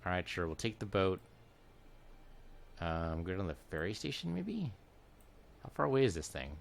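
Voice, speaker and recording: Male let's-player, lowish voice, meandering casual commentary, faint game noise under. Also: sing-song, moderate pace, gravelly. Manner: rambling, musing aloud while playing. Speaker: let's play gamer.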